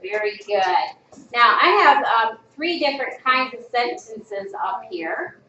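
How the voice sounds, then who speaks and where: A woman teaching a classroom phonics lesson, drawing out sounds and giving clear prompts to the class. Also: a little high, a bit bright. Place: school classroom. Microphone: distant camera mic. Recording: echoey classroom, distant, dull, noisy. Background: classroom noise.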